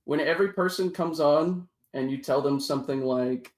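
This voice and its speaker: A man confronting someone in a measured, challenging and sarcastic way. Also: a little high, fairly even intonation. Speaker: stream guest confronting the host. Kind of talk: heated argument.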